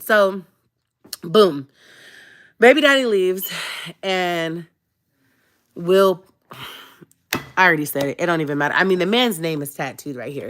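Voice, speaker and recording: A woman's voice: on the low side, a bit bright, a little hiss or hum. A young woman, telling her story casually on a livestream, chatty and joking with her viewers. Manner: chatty, joking asides to viewers, frequent laughs. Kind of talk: casual storytelling to a live chat.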